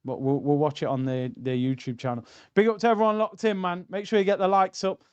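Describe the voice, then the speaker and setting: A man's voice: high voice, level tone, fast talker, clear, resonant tone, no echo. A young man, hosting a casual football watchalong stream, bantering and reading out chat messages.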